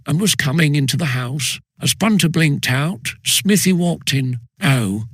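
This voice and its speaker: A man reading a classic school story aloud in steady, measured narration. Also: a little high, no room sound, clean studio sound. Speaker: audiobook reader.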